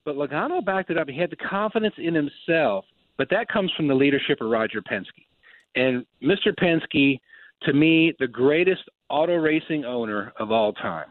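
A man hosting casual racing talk, telling stories with lively quoted voices. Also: fairly high pitch, moderate pace, dry recording. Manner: animated storyteller, acts out quotes. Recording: dry tinny phone-like sound.

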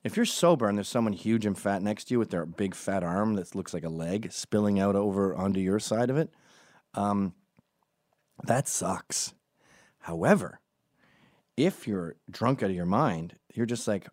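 Sardonic man, forties, low voice, dead-dry close mic, rambling comic monologue. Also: expressive, moderate pace, a little mellow, no echo. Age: 40s. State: recovering from strep throat. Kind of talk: casual comedic monologue.

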